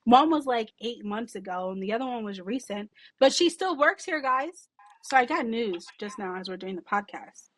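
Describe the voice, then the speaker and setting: A young woman who runs a salon, chatting casually on a podcast in a sarcastic, animated way and swearing freely. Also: on the high side, normal speed. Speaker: salon owner and boss.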